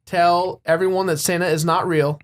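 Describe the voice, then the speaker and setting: A man appearing as a guest on a couch gaming show, making goofy deadpan jokes. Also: high voice, normal speed. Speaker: guest player. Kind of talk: casual gaming chat.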